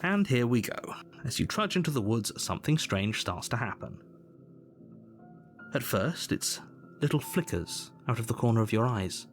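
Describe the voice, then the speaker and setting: A man's voice: medium pitch, very animated, moderate pace, faint music behind, natural voice. An actor playing a smug, sardonic male narrator in a game, dry and exasperated in manner. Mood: ominous.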